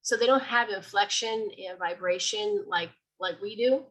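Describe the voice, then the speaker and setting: A woman speaks to a library audience in a loose, conversational way, now and then acting out sounds as she describes them. Her voice is somewhat husky and sits in a middle range for a woman. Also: mid-range voice, normal speed, rough recording. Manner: chatty, animated, acts out sounds. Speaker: medium giving a talk. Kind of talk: informal library talk.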